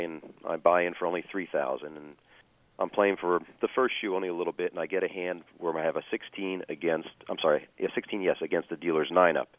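A man telling a personal story as a guest, measured and full of fillers and restarts. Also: sits low, dry recording, narrow, tinny audio.

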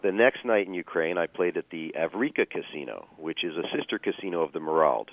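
Deep-voiced man on a phone line. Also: animated. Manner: measured, with many fillers and restarts. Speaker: guest storyteller. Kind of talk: telling a personal story.

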